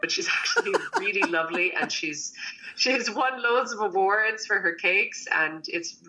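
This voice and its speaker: A woman's voice: medium pitch, normal speed, sharp tone, a little hiss or hum, poor audio. A woman chatting casually, telling a story and animatedly quoting what other people said. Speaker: guest, baker and cookbook author. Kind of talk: casual chat.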